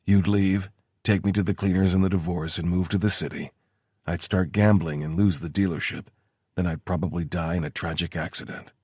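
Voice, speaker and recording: A man's voice: low-pitched, steady tone, a little fast, a little mellow, breathy edge, no echo. An actor voicing a wry soldier who banters with his lover in an audiobook. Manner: dry, joking banter.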